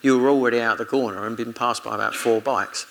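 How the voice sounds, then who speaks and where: A man's voice: mid-range voice, fairly even intonation, fast, gravelly, fairly bright tone, a little hiss or hum, rough recording. A man from Britain, a former motorcycle racer, telling chatty anecdotes in an interview and quoting his own conversations. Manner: chatty anecdotes with laughs and self-quoted dialogue. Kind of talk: casual storytelling interview.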